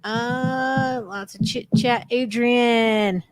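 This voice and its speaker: A woman's voice: fairly high pitch, fairly even intonation, extremely slow. A woman co-hosting a recovery livestream in casual chat, greeting viewers by name and talking around a sore tongue. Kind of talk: casual live-stream chat.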